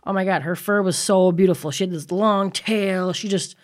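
A middle-aged woman in casual chat, telling a story in a lively, swearing way and acting out what people said. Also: mid-range voice, normal speed. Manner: profane, animated storytelling with acted-out quotes.

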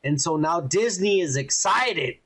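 Dude on a podcast, kinda high voice, cursing nonstop, rambly and hyped. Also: male voice, unhurried. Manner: profane, rambling, excitable. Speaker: podcast co-host. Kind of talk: casual chat.

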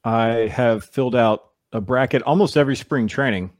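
A man's voice: medium pitch, moderate pace, dry recording, studio quality. A man, a baseball player being interviewed, chatting casually and acting out the voices of people in his stories. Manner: animated storyteller who acts out quoted voices.

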